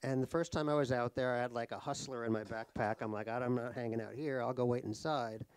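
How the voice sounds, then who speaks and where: A middle-aged New York man with a mid-range voice talks a little fast in fairly even intonation, his tone clean and the recording dry. He's an author guest in a stage conversation at a cultural center, telling comic anecdotes in a wry, self-deprecating way, laughing at his own jokes and rambling with many fillers and restarts.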